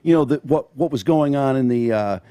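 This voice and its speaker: Measured, reflective guest man. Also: medium pitch, mellow. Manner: measured, reflective, frequent ums. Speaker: podcast guest, comedy writer. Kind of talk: casual chat.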